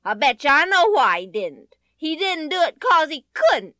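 A woman voicing an upset, indignant little boy who whines and shouts in a children's story. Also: high voice, sing-song, normal speed, no room sound, studio quality, voice pushed up, full character voice. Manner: whiny, shouting.

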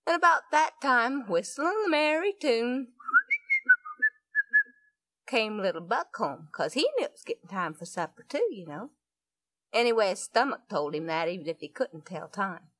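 A woman tells a folksy tale with a very lively, swooping voice that is bright and fairly high. She breaks off for chatty asides to her listeners, and the sound is dry and close. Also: normal speed, dry recording. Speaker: storyteller. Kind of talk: folksy oral storytelling.

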